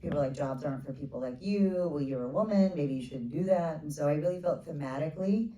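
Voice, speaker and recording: An American film director in her forties answers questions at a casual onstage Q&A before a theater audience, telling stories in a low voice. She's an animated storyteller who drops in quick asides and acts out what others said, with bursts of laughter. The audio sounds roomy and distant.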